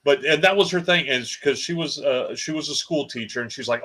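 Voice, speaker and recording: A man's voice: medium pitch, fairly quick, hardly any pauses, poor audio. Man telling stories, casual podcast. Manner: storytelling, animated punchlines. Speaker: podcast co-host. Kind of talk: casual chat.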